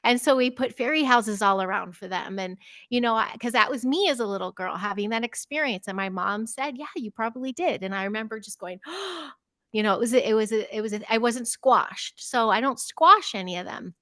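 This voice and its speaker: Animated, laughing woman telling stories. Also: a little high, brisk, no echo. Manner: animated storyteller, acts out children's voices, laughs often. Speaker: teacher and podcast guest. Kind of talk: casual interview chat.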